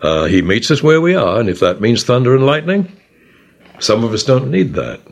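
A man leading a Bible study discussion, retelling scripture with animated storytelling and acted-out voices. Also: mid-range voice, moderate pace, vocal fry. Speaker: author and discussion leader.

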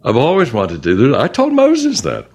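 A man preaching a sermon in a conversational way, quoting scripture and voicing God's words gently, then rising sharply for emphasis. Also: mid-range voice, huge pitch swings, moderate pace, slightly rough.

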